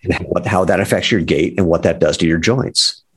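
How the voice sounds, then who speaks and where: Man, low voice, husky, enthusiastic, wry guest talk. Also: a little fast. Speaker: footwear company founder as guest. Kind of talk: energetic explanatory talk.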